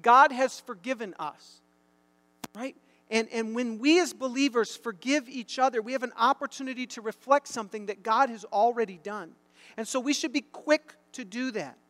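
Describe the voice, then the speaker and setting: A middle-aged man preaching a sermon, telling a story and building to loud, emphatic bursts. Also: very high voice, normal speed. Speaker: pastor. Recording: long hall reverb.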